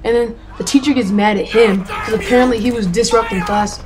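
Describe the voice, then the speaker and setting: A woman's voice: on the high side, brisk, over music, low-quality recording. A woman telling a casual story in a chatty way, full of fillers.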